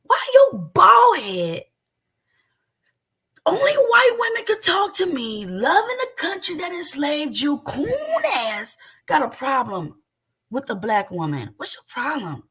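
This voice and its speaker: A woman giving heated reaction commentary, loud, indignant and mocking, with frequent outbursts. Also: high-pitched, very animated, a little slow. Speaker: commentator reacting to a stream clip.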